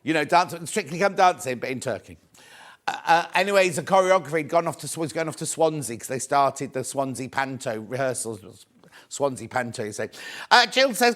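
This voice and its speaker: A British man presenting live on a shopping channel, chatting warmly to viewers and reading out their messages, with the odd cough. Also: mid-range voice, expressive, fairly quick. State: coughing, mild throat trouble.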